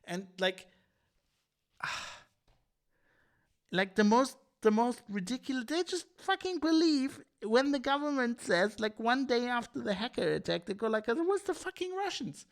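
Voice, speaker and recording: A man's voice: extremely high pitch, lively intonation, gravelly. A male podcast host, ranting heatedly with lots of swearing and restarts. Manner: heated, profane, fast ranting with many restarts. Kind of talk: opinionated podcast rant.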